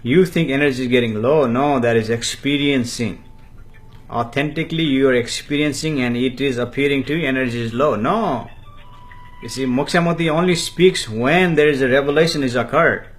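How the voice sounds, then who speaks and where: Man, spiritual teacher, live talk, third-person speech, halting, fillers. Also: mid-range voice. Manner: refers to himself in the third person, slow and halting with many fillers. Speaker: spiritual teacher answering viewer comments.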